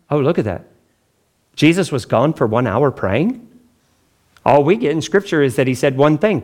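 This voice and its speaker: A man preaching a sermon as pastor, talking in a chatty, joking way and acting out quotes with big pitch swings. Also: big pitch swings, brisk.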